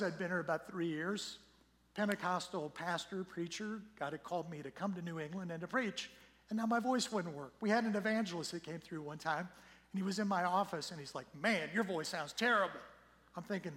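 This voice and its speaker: A middle-aged male pastor with a slightly hoarse voice, preaching a sermon in a conversational, storytelling way and swelling louder when he reads scripture. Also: sits high. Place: church sanctuary. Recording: long church hall reverb.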